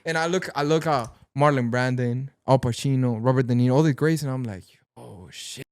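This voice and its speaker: A man's voice: mid-range voice, brisk, darkish tone, clear, resonant tone, dry recording. A young man from Los Angeles with a Mexican-American accent and a Sinaloan mother, telling stories as a podcast guest. He talks casually, switches between Spanish and English, says "bro" often and acts out the people he quotes. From Pacoima, California, with a Sinaloan mother. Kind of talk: casual storytelling chat.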